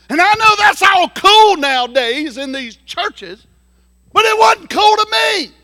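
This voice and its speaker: Preacher, man, very high bright voice, folksy, loud bursts, dry close sound. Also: no echo. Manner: folksy storytelling, swings from hushed to shouting. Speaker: pastor. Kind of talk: sermon.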